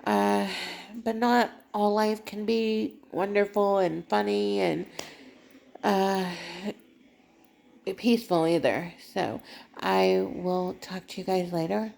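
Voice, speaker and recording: Slow, gravelly-voiced woman near tears. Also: medium pitch, steady tone, darkish tone. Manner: halting, emotional, trying not to cry. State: tearful. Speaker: vlogger. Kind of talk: personal vlog talk.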